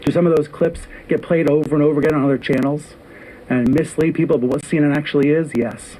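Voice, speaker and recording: Measured male news anchor, faint hum. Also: a little high, fairly even intonation, mellow, poor audio. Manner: measured, rhetorical, earnest delivery. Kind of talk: on-air monologue.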